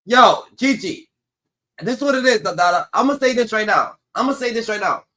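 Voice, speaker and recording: Male streamer, high bright voice, casual and animated, acts out voices and swears a lot. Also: fast talker. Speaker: livestream host. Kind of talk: casual chat with comic storytelling.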